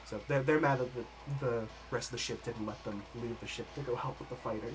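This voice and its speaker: Game master, male, relaxed narration with asides and laughter, mid-pitched. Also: background noise. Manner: casual, laughing, quick asides.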